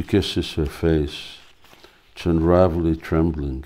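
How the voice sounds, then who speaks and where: Male spiritual teacher reading a devotional play aloud, steady, dark and mellow. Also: rumbling low, takes it slowly.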